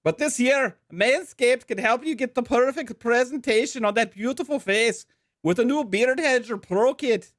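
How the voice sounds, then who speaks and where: A man's voice: very high-pitched, normal speed, a bit bright, no room sound, clean studio sound, pitched above the performer's own voice. A man putting on an exaggerated, hammy Irish accent to read a sponsor spot on a podcast. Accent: put-on Irish. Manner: hammy, self-mocking.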